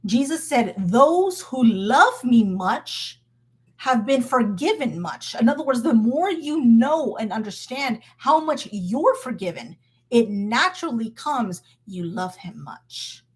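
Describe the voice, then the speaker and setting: A woman giving an informal Christian devotional talk, candid and expressive, laughing as she goes. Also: a little high, takes it slowly, husky.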